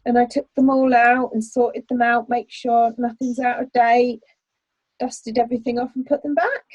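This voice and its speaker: A middle-aged woman co-hosting a relaxed video-call chat, telling animated little stories and laughing along. Her voice sits slightly high, and the sound is dry and close. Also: normal speed, dry recording, poor audio. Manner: animated storyteller, laughs often. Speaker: co-host. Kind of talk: casual chat on a livestream.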